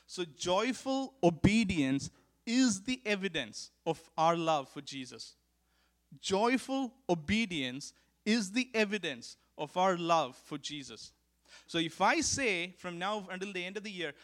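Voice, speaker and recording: A man preaching a sermon as pastor, earnest and repeating key lines for emphasis, swinging from emphatic calls to hushed, quiet stretches. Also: high-pitched, animated, a little slow.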